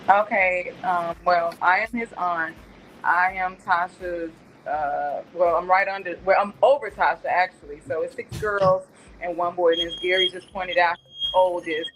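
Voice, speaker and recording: A woman's voice: fairly low pitch, steady tone, normal speed, fairly bright tone, a little hiss or hum, poor audio. Chatty middle-aged woman reminiscing. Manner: chatty storytelling, many asides. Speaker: guest, aunt of the deceased. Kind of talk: casual reminiscing.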